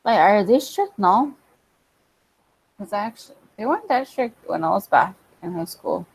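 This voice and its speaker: Young woman vlogger, relaxed rambling chat, mid-pitched voice. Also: normal speed, breathy edge. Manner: rambling, laid-back, laughs often. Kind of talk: casual chat.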